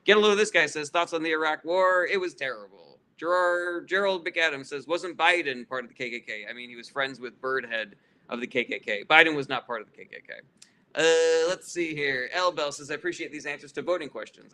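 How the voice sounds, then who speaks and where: A man with a bright, forceful voice hosts a casual livestream, reading chat questions aloud one after another. He answers bluntly and swears freely, with plenty of ums and uhs. With some chatters he turns heated and sarcastic. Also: a little high. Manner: blunt and profane, with frequent fillers.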